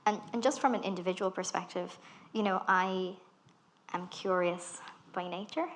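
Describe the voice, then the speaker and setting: Lively Irish woman telling stories onstage. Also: fairly low pitch, moderate pace. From Ireland. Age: 30s. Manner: animated storytelling, acts out quoted lines. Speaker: guest speaker. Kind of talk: live onstage conversation. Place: festival talk stage.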